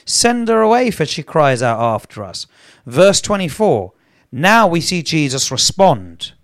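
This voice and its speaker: This preacher's voice is a little high, sing-song, unhurried and somewhat bright. Teaching from the Bible live, he reads passages aloud, grows more forceful, and breaks into praying in tongues.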